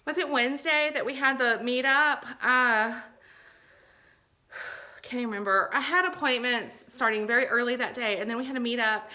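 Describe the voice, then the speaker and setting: A woman's voice: on the high side, normal speed, pushed and bright. A middle-aged woman giving tips in a casual, chatty vlog, reassuring and full of fillers and asides. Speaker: vlogger giving shopper tips.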